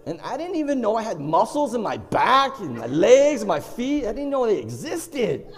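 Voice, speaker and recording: With a voice that sits high and a moderate pace, a man performs a funny personal anecdote for a live crowd, animatedly doing voices and sound effects. It's recorded onstage at a performing arts center, where a long reverb hangs in the hall.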